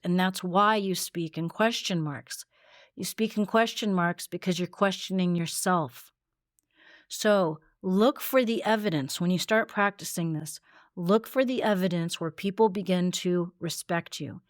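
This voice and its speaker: A woman voice coach leading a guided voice exercise with calm, measured instructions. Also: medium pitch, no room sound, studio quality. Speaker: voice coach and podcast host.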